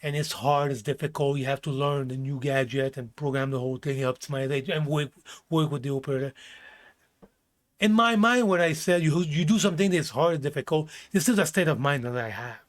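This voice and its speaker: A man with a slightly high voice delivers blunt self-help talk, straight to the viewer. He swears freely and hammers his points by repeating them. His grammar slips here and there as he speaks. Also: fairly quick. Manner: blunt, emphatic, swears often, repeats phrases. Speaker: vlogger giving life advice. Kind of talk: casual self-help rant.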